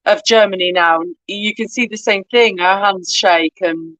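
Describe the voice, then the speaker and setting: A woman's voice: medium pitch, moderate pace, a bit bright, no room sound, low-quality recording. A woman from Cornwall with a strong Cornish West Country accent, rambling and chatty as a podcast guest. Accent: Cornish West Country English. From Cornwall, England. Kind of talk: casual conversation.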